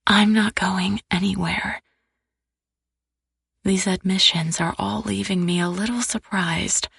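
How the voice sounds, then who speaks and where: A woman narrating a first-person romance audiobook in an intimate, soft-spoken way. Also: mid-range voice, gravelly, breathy edge, dry recording, clean studio sound.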